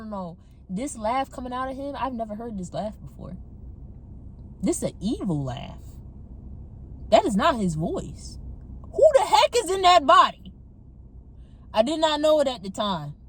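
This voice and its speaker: A young woman casually telling her personal testimony to her viewers on a phone camera, animated and talking straight to them. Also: on the high side, a little hiss or hum. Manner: animated, addresses viewers as y'all. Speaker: testimony vlogger.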